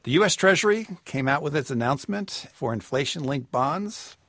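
Husky guy explaining money stuff on call-in radio, dry studio sound, steady and a bit wry. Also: on the high side, normal speed, no echo. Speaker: personal finance expert.

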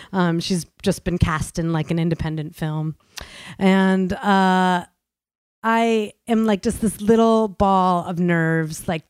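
A woman's voice: on the low side, a little mellow, clean tone, no room sound. A woman from New York telling a personal story in the first person, chatty and full of fillers, often laughing at herself.

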